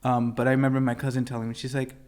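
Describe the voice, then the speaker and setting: A man's voice: mid-range voice, rapid-fire, smooth. A man co-hosting a podcast, telling a story in casual chat and acting out the people he quotes. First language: English. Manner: animated storytelling, acts out quoted voices. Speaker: podcast co-host. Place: indoor podcast recording.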